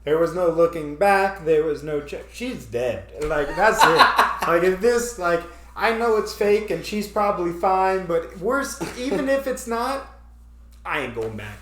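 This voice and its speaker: A slow-talking man with a slightly high voice tells a story on a casual show, laughing often and acting out his own panic. The room around him is echoey. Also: expressive, a bit bright. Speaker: podcast host.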